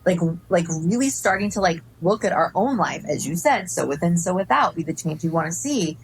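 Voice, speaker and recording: A woman in her forties talks as a podcast guest, spilling out stories with effusive, animated energy. Her voice sits a little low, with faint noise behind her. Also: creaky, poor audio. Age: 40s. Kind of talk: casual spiritual chat.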